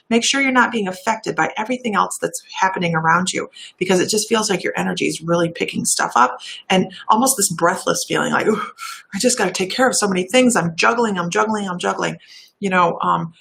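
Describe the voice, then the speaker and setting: A woman giving intuitive readings on a live stream, chatty and warm, laughing at herself and drifting off topic. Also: mid-range voice, vocal fry. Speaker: intuitive reader and shaman.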